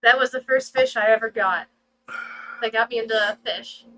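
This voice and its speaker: A woman's voice: fairly high pitch, normal speed, bright, forceful tone, slight background noise, poor audio. A middle-aged woman co-hosting a casual livestream, chatty and giggly as she thanks viewers by name. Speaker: livestream co-host.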